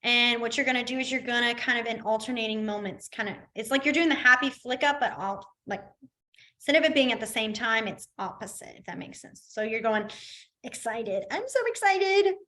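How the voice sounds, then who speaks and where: A woman's voice: fairly high pitch, steady tone, fairly quick, sharp tone. A woman teaching a beginners' class in a casual, chatty way, explaining with everyday examples and laughing easily. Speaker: sign language instructor.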